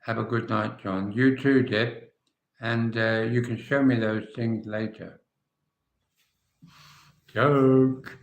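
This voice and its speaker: A man's voice: medium pitch, steady tone, slow, creaky, long pauses, reverberant, highs cut off. An older English man hosting a casual livestream, chatting and answering viewers' comments by name. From England. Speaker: livestream host.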